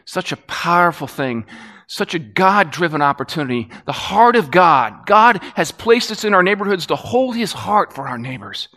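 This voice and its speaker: A man preaching, telling a story with animated swings from excited to hushed. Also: high-pitched, moderate pace. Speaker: pastor. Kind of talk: sermon storytelling. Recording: long reverb of a large hall.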